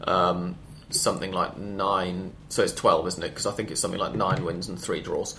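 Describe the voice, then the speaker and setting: Podcast host, male, low-ish voice, chatty and rambling, stops to fix his own facts. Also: little pitch movement, sharp tone, slight background noise. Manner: rambling, stops to correct himself, quick with stats. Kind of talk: casual football podcast chat.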